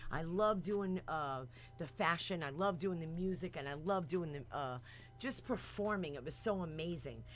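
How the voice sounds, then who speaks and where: A woman hosting a casual radio talk show, telling stories in an animated, slangy way with laughs. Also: deep voice, normal speed, soft background music.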